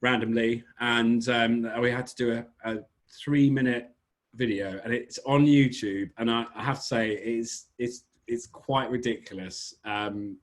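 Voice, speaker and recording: A man's voice: mid-range voice, steady tone, a little slow. Chatty British man, rambling stories. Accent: British English. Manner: rambling, self-correcting, chatty storyteller. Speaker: small business owner, guest. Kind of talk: casual podcast interview.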